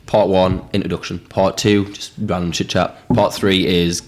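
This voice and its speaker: A man's voice: low voice, flat delivery, normal speed. A man co-hosting a casual podcast chat in a pub, laid-back and laughing often. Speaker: podcast co-host.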